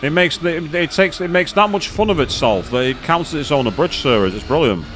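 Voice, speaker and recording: A man streaming a racing game live rambles and chats casually, poking fun at himself as he comments on gameplay. His voice is a little high and fairly bright, with lively intonation and a fairly quick pace, against slight background noise.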